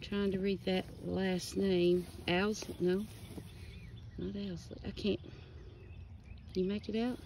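A woman's voice: mid-range voice, flat delivery, slow pace, vocal fry, long pauses, a little mellow, a little hiss or hum, rough recording. A woman walking through a cemetery, reading out names and dates from headstones in casual narration, slightly out of breath. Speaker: cemetery vlogger. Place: outdoor rural cemetery. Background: birds and outdoor ambience.

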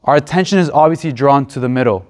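A man's voice: medium pitch, fast talker, a little mellow. A young man, a seminarian, giving a classroom presentation as a mock museum tour guide, conversational and earnest, with frequent restarts and fillers. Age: young adult.

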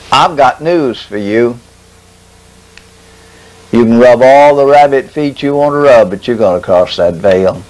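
A man giving a testimony sermon, preaching dramatically with long pauses and slow, stressed phrases. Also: mid-range voice, a little mellow, rough recording.

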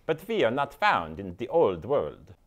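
A young male vampire bat puppet for a children's show, speaking with a put-on Eastern European accent. His delivery is grand and count-like, sweeping widely up and down in pitch. He stays gentle and eager to reassure. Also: huge pitch swings, measured pace. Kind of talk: children's educational puppet skit.

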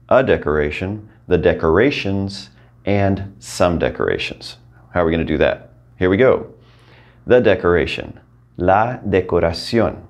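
Deep-voiced man teaching a lesson. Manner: patient, encouraging, repeats words slowly for practice. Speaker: Spanish teacher. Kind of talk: recorded language lesson.

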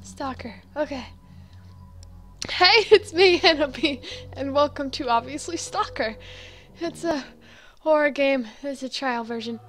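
A woman's voice: high voice, lively intonation, takes it slowly, over music. A young woman, a gaming YouTuber, commenting on a horror game while playing, jumpy and prone to shrieks and nervous giggles. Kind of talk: horror let's play commentary.

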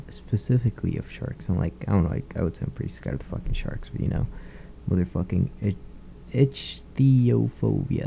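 A young man talks in a deep, husky, slightly raspy voice, tired and loose. He rambles through a casual vlog story full of slang and swearing. The sound is dull and lo-fi, like a cheap home mic. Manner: profane, slangy, laid-back. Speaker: vlogger.

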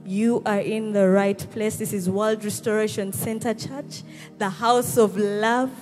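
A woman's voice: medium pitch, fairly even intonation, unhurried, a little mellow. A woman hosting a church service, rousing the congregation with calls and responses. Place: church hall with live congregation. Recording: church service with music behind. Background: music.

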